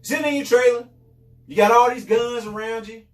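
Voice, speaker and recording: A man's voice: extremely high pitch, steady tone, fairly quick, distant mic. Man talking loosely in an echoey room. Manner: loose, repetitive, sarcastic asides. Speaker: podcast host. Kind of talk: casual commentary monologue.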